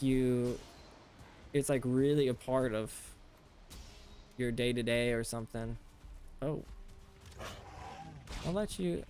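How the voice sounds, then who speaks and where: This American gamer has a gravelly, mid-range voice with a slightly mellow quality. Chatting with his stream as he plays, he rambles on and talks things through.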